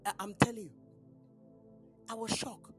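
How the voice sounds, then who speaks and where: A woman's voice: on the high side, moderate pace, faint music behind. A woman preacher delivering a sermon in church, emphatic and questioning the congregation.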